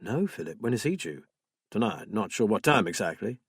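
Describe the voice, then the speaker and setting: A man reading as a distraught man whose ward has gone missing, husky and dry-toned, pleading and blaming himself. He sounds worn down and anguished, in a close, dead-sounding audiobook reading. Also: fairly low pitch, big pitch swings, moderate pace, no room sound, full character voice. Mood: weary.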